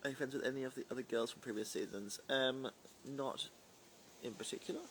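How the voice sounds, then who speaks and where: A young man talks loosely and warmly through viewer questions, trailing off into "um" and "sort of" as he goes. His voice sits at an ordinary middle pitch, and a faint background ambience runs under the recording. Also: steady tone, a little fast, a little hiss or hum, low-quality recording. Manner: chatty and rambling, heavy on fillers like "um" and "sort of". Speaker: drag performer answering fan questions on a livestream. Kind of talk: casual chat, reading and answering live comments.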